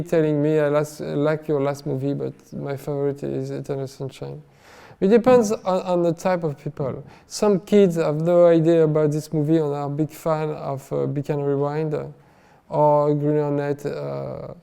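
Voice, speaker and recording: A man with a French accent answering interview questions haltingly, full of fillers and restarts, in a reverberant hall. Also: on the high side, creaky, dark tone, clean tone. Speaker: film director, guest.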